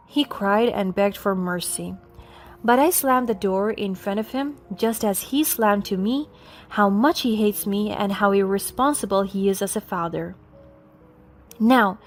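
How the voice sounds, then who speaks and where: A woman reading a scripted first-person story in a cool, steady, matter-of-fact way. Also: mid-range voice. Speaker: narrator.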